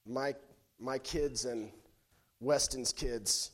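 Pastor, man in his 30s, higher voice, measured pace, playful storyteller turning fervent. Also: animated. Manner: storytelling with playful acted quotes, rising to fervent preaching. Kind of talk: sermon.

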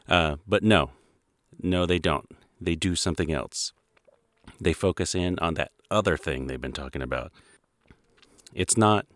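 Male narrator, deep voice, dry close sound, wry and sardonic. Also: normal speed, long pauses, fairly bright tone, dry recording. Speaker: commentator. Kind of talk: video essay narration.

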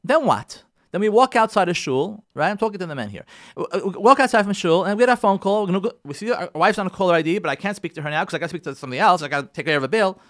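A rabbi giving a Torah class, animated, acting out pleading prayers and mixing Hebrew terms into his English. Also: sits high, racing, no room sound, clean studio sound.

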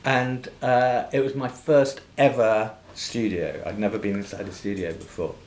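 Older male actor guest, lively raconteur, slightly low voice, roomy echo and faint hiss. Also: moderate pace. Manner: lively raconteur, laughs often, acts out quoted voices. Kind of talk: anecdotal storytelling in a podcast interview. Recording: echoey room with faint noise.

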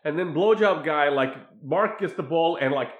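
A man casually recapping a film scene by scene, crude and animated, mimicking the characters' lines as he goes. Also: on the high side, normal speed, roomy sound. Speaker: podcast co-host recapping a film. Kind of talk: casual chat.

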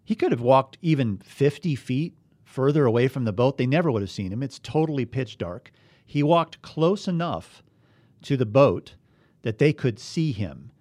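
A man's voice: mid-range voice, lively intonation, normal speed, a little mellow. An earnest man leads a bible study, reading scripture aloud and pressing his listeners with questions. His voice sits in an ordinary middle range. The sound is dry and close, with no room echo.

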